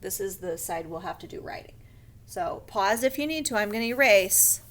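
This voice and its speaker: In a recorded online grammar lesson for first graders, a woman teaches slowly and patiently, sometimes whispering a quick aside to herself. Now and then she raises her pitch to show what an excited sentence sounds like.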